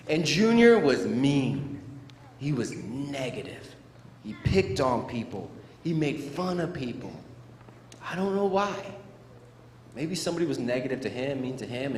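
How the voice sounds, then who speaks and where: A middle-aged man giving a playful, animated storytelling speech to students as a motivational speaker, in a large school hall. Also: medium pitch, moderate pace. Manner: animated, playful, acts out sound effects. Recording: echoey hall with faint room noise.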